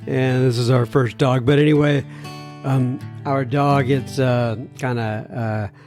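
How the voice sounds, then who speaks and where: A man's voice: mid-range voice, steady tone, takes it slowly, a little mellow, soft background music. A man hosting a recovery podcast, talking in a chatty, rambling way with chuckles and asides. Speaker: podcast host. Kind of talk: casual podcast intro.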